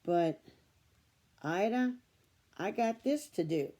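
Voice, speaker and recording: A woman's voice: medium pitch, lively intonation, slow pace, mellow, pitched above the performer's own voice. A woman voicing an easygoing young farm man who gives short, plain answers.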